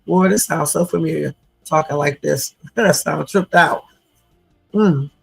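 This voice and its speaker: A man hosting a livestream, reading text messages aloud and reacting to them with slow, musing asides. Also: on the high side, creaky, breathy edge, soft background music. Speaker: livestream host.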